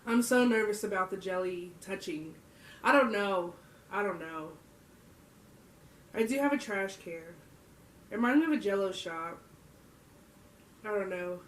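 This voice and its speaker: A woman's voice: mid-range voice, measured pace, long pauses, recorded from a distance. A young adult woman vlogging, telling a story to camera in a casual, slangy way and laughing often. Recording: roomy echo.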